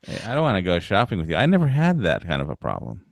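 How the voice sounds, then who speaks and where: A man's voice: low voice, wildly swooping pitch, fast, creaky, no echo. A man cracking crude jokes in a casual chat. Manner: crude joking interjections. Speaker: lobby chat regular.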